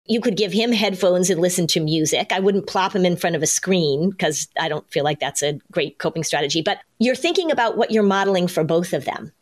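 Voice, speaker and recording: A middle-aged woman hosts a parenting podcast and talks through advice in a relaxed, conversational way. She slips into quick acted lines for parents and children as she explains. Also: on the low side. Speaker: podcast host, parenting anxiety expert. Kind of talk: casual advice podcast chat.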